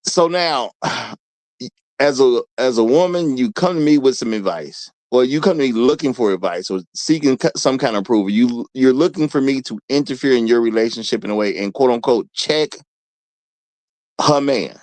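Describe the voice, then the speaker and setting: A man's voice: medium pitch, moderate pace, darkish tone, dry recording. A man hosting a livestream, talking casually, reading chat aloud and repeating his phrases. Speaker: livestream host.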